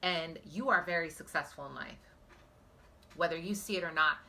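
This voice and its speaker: A woman's voice: low-pitched, normal speed, bright, forceful tone. A woman giving a pick-a-card psychic reading on her phone, talking earnestly and emotionally straight to her viewers. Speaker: psychic tarot reader.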